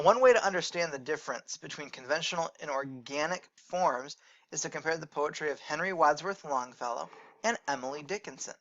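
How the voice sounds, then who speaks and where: A male teacher giving a recorded lecture in a slightly high voice, explaining step by step and pausing to correct his slips. The recording is dull and lo-fi. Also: a bit bright.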